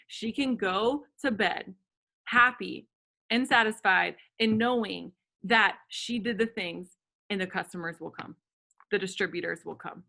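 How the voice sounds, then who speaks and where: A woman's voice: medium pitch, bright, forceful tone. A woman coaching her sales team on a video call, earnest and talking at length. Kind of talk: motivational group video call talk.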